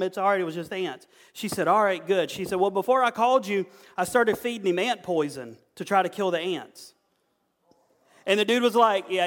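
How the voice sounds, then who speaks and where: In a high, slightly bright voice, a preacher entertains a group with folksy, funny stories, acting out the people in them. Long hall reverb fills the recording.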